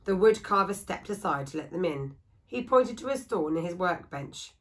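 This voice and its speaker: A woman reading a children's story aloud in a steady, expressive storytelling voice. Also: fairly low pitch, moderate pace, poor audio. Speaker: school staff reader.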